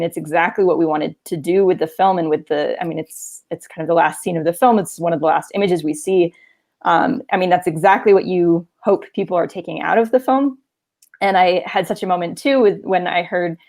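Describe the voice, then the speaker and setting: A woman filmmaker talks through a Q&A in an earnest, rambling way, full of fillers. Her voice sits fairly low and carries a strong gravelly fry. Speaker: documentary filmmaker. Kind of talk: video-call Q&A, casual.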